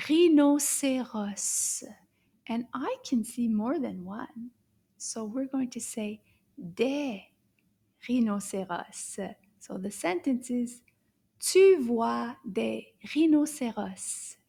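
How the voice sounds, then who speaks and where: A woman teaching French to young children, slow and encouraging, praising often. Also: a little high, lively intonation, vocal fry, dark tone, breathy edge. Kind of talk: children's language lesson.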